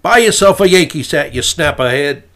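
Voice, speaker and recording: A man putting on a fake New York accent to play a belligerent tough guy, loud and challenging. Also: fairly high pitch, lively intonation, moderate pace.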